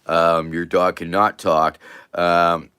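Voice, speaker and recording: A man voicing a skeptical, gruff male bartender in a told joke, dismissive in manner. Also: low-pitched, little pitch movement, slow, dry recording, heavily acted. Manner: dismissive, then shouting.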